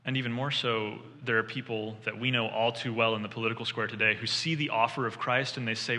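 A man delivers a sermon to a room of listeners, retelling a scripture story and slipping into the voices of the people in it. His voice is bright and forceful, and it rings out with the long reverb of a big hall. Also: mid-range voice, fast talker, hardly any pauses. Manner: animated storytelling, voices quoted figures. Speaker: preacher.

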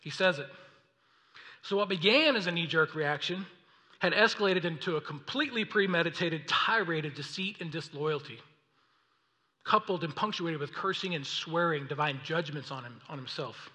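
A man preaching a sermon, reading scripture and acting out the people in the story in an animated way. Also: fairly high pitch, moderate pace. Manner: animated, acts out voices of the story. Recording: long reverb of a hall.

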